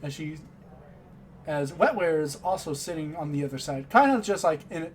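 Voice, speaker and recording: A man's voice: on the high side, lively intonation, moderate pace, slight background noise. A man narrating as game master in a loose, rambling, self-correcting way.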